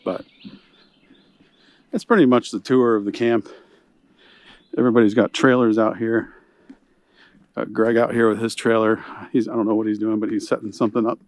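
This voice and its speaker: A man's voice: lowish voice, normal speed, pauses often, no echo. Guy walking around an outdoor camp talking, bit out of breath from the heat, handheld camera sound. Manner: relaxed, chatty, points things out as he walks. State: huffing and puffing in the heat. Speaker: outdoor vlogger giving a camp tour. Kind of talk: casual walking tour narration. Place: outdoor hunting camp on a ranch.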